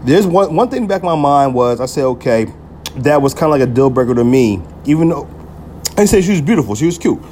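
A man tells a rambling personal story as a podcast host. He drops slang, swears freely and keeps checking in with the listener. His voice sits at an ordinary pitch, with a faint hum in the background. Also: lively intonation, quick pace, a little mellow. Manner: loose and profane, heavy slang, many "you feel me" fillers. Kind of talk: casual storytelling monologue.

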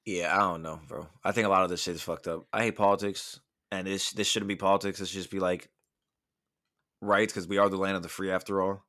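A young man with a bright, forceful voice, on the lower side of pitch, chatting casually as a podcast host. He tells stories in a loose, profane, animated way, and he comes from Southern California. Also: fairly quick. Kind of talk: casual chat.

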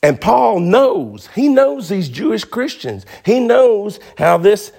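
A male pastor delivers a folksy, emphatic sermon. His voice sits slightly high and swoops animatedly, and he repeats key phrases to drive them home. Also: very animated, slow, gravelly, a little mellow.

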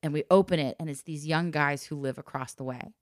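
A woman telling a personal story in casual chat, lively and laughing often as she acts out the voices of the people in it. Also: sits low, fairly quick, dry recording, studio quality.

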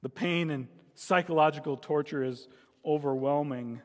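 Male pastor, a little high-pitched, storytelling sermon with dramatic voiced pleas, big reverberant hall. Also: moderate pace. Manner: storytelling, rising to dramatic cries in quoted pleas.

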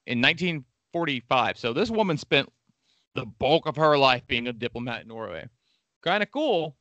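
A man hosts a casual history podcast, his voice bright and forward. He tells the story loosely, tossing in irreverent, profane jokes. The sound is dry and close, with no room around it. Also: mid-range voice, no echo, dull audio. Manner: irreverent, joking asides with profanity. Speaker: podcast co-host.

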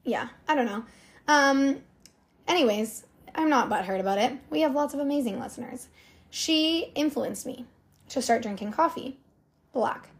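A woman's voice: high voice, lively intonation, moderate pace. Chatty young woman, rambling and upbeat. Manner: chatty, rambling with many fillers. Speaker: podcast co-host. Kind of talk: casual chat.

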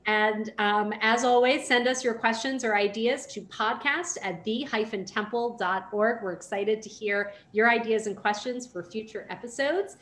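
A woman's voice: fairly high pitch, moderate pace, hardly any pauses, a bit bright. A woman co-hosting a podcast interview, speaking effusively and full of praise. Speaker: podcast co-host. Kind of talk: casual interview chat. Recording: roomy echo.

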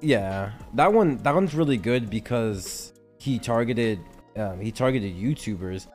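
A man's voice: medium pitch, lively intonation, measured pace, darkish tone, soft background music. A young man co-hosting a podcast, teasing his friends and laughing often. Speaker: podcast co-host. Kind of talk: casual chat.

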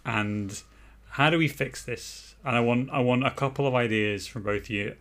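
A man's voice: medium pitch, moderate pace, a bit bright. A man hosting a podcast, leading a loose casual discussion with many restarts. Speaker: podcast host. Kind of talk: casual chat.

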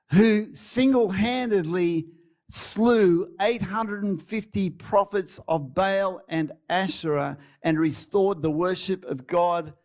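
Brief: Australian male preacher, fairly high voice, casual and dramatic by turns. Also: a little mellow. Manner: chatty, laughing asides, dramatic storytelling. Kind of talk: sermon.

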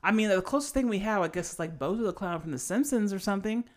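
A woman's voice: mid-range voice, lively intonation, fast talker. A woman from Cuba co-hosting a podcast, chatting casually in a rambling way full of "you know". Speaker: podcast co-host. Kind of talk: casual chat.

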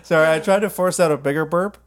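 A young man co-hosting a podcast in casual chat, easygoing and quick to agree. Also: a little high. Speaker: podcast co-host.

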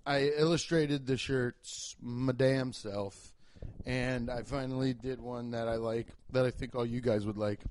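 A man's voice: medium pitch, fairly even intonation, unhurried, darkish tone. A young man hosting a podcast in casual chat, rambling and interrupting himself, with frequent swearing. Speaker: podcast host and comedian.

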